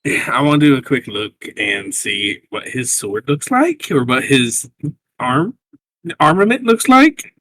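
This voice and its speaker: A man's voice: mid-range voice, big pitch swings, measured pace, a bit bright, a little hiss or hum, rough recording. A man playing in a tabletop game, asking blunt questions with some hesitation. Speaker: player. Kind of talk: casual chat at a game table.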